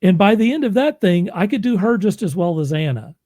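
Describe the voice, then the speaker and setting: A man's voice: high voice, very animated, fairly quick, dark tone, no echo, clean studio sound. A man who narrates audiobooks, chatting casually as host, laughing often and restarting his sentences. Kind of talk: casual chat.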